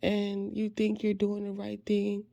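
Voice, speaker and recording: A woman, a faith ministry creator, speaking in a halting, heartfelt personal monologue with soft trailing phrases. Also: medium pitch, completely flat delivery, vocal fry, no echo, highs cut off.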